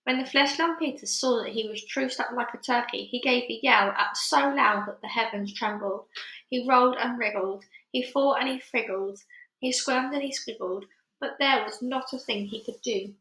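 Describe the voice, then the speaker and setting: Bright-voiced woman reading a storybook aloud. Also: on the high side, normal speed. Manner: lively, dramatic storytelling. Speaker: storybook reader. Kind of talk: children's book read-aloud. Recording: roomy echo.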